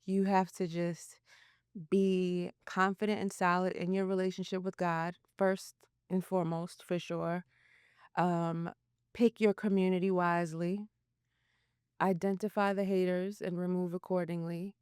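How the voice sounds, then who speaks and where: A woman's voice: on the low side, level tone, a little slow, a little mellow, smooth, no echo, clean studio sound. A woman guest on a podcast, talking candidly and matter-of-factly about her faith and her pregnancy. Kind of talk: casual interview chat.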